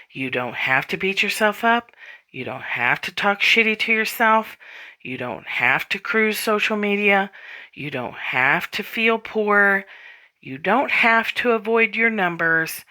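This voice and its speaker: Bright-voiced woman podcast host. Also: fairly low pitch. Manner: animated, casual, acts out inner voices; blunt, swears freely. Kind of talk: spiritual self-help monologue.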